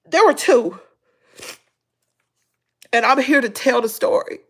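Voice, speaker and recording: A woman's voice: high voice, lively intonation, slow, fairly bright tone. A middle-aged woman with a Southern US accent, talking emotionally in a personal vlog, sighing and tearful. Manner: tearful, sighing, breaking into crying. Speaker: vlogger.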